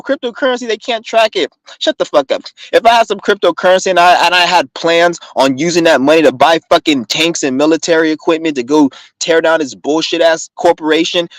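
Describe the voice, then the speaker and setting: A man's voice: a little high, fairly bright tone, no echo, low-quality recording. Profane rambling young man, dry sound. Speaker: vlogger. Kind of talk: casual rant to camera.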